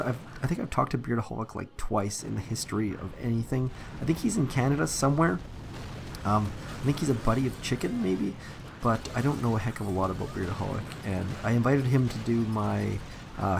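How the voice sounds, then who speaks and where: A young man rambles through a game live stream in a loose, easygoing way, full of ums and restarts. His voice has a gravelly edge, and a clear layer of noise sits under the recording. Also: fairly low pitch. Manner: rambling, relaxed, many fillers and restarts. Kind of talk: casual live-stream commentary while playing.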